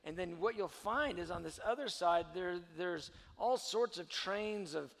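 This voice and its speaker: A man delivers a sermon with a gravelly edge, his pitch sitting a touch high. He moves between quiet explaining and loud, emphatic preaching. His voice rings in the long reverb of a hall. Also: lively intonation, unhurried. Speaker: pastor.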